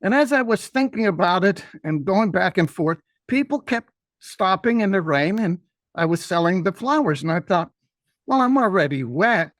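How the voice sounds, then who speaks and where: Older guy rambling thru an old story, slightly high voice, dry close mic. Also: expressive, normal speed, dry recording. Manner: rambling, folksy. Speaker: guest. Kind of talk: personal storytelling.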